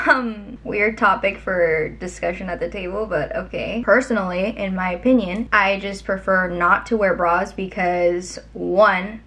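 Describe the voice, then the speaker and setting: A woman's voice: mid-range voice, steady tone, measured pace, few pauses, fairly bright tone. Chatty young woman vlogger. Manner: chatty, rambling, lots of fillers. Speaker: lifestyle vlogger. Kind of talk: casual storytelling to camera.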